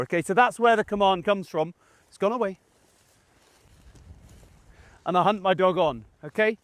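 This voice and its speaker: A man's voice: high voice, moderate pace, pauses often, no room sound. A man who trains gundogs explains his commands in a chatty way while working his dog outdoors in a field, breaking off to call short commands to the dog. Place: outdoors in a field beside a game crop.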